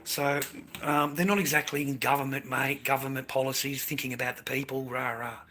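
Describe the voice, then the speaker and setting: A man's voice: mid-range voice, steady tone, a little fast, bright, forceful tone. Profane ranting Australian man, noisy recording. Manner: blunt, profane, repetitive, peppered with "mate". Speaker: vlogger. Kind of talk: casual ranting monologue. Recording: noisy background.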